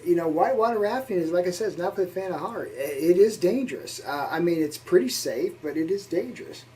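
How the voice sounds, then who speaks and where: A man's voice: high-pitched, animated, fast talker, darkish tone, far from the mic, a little hiss or hum, poor audio. A male co-host of a reaction video chatting in an easygoing, agreeable way, rambling a bit as he shares his own story. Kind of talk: casual reaction chat.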